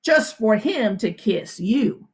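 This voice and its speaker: A woman voicing a drunk, leering male frontier sheriff who speaks in a slow, mocking drawl. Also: medium pitch, expressive, slightly rough, full character voice.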